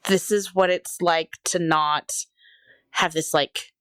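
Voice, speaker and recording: A woman in her thirties talks openly through a personal story in casual podcast chat, slipping into the voices of the people she quotes. Her voice sits a little low, and the recording is dry and close. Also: fairly even intonation, slow, fairly bright tone, clear, resonant tone, no room sound. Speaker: podcast co-host.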